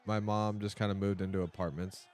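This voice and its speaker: Man, podcast host, casual chat, lowish voice, short amazed reactions. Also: little pitch movement, a little fast.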